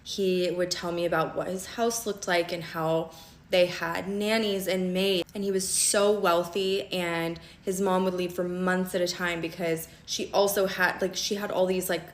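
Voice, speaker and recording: A woman's voice: lowish voice, little pitch movement. Emphatic young woman telling her story. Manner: emphatic, fast, checks in with "okay?" often. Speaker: storytime vlogger. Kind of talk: storytime vlog recounting a personal story. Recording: echoey room.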